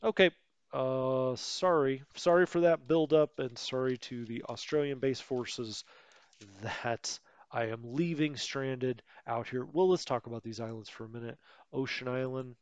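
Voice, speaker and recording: A let's play host with a smooth, medium-pitched voice talks at a measured pace over a strategy game he's playing, recorded with no echo. His commentary is casual and rambling, full of self-corrections and chatty asides.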